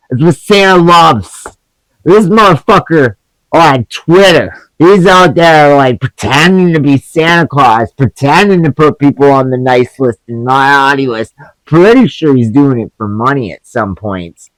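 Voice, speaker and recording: Sarcastic man ranting, higher voice. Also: measured pace, fairly bright tone, dry recording, poor audio. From Canada. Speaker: movie reviewer. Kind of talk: comedic rant review.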